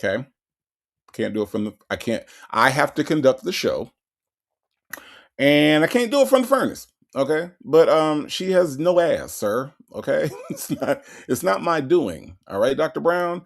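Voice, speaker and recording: A man's voice: a little high, normal speed, creaky. A man hosting a casual live stream, reading viewer chat and commenting bluntly with coarse language and frequent laughter. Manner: animated, blunt, profane, laughs often. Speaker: livestream host.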